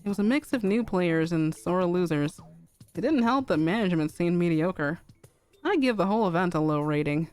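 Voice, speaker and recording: A woman's voice: on the low side, moderate pace, soft background music, close to an everyday voice. A woman voicing a cool, aloof young woman who speaks dryly in a fanfic reading. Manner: dry, deadpan. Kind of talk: fanfic read-aloud on stream.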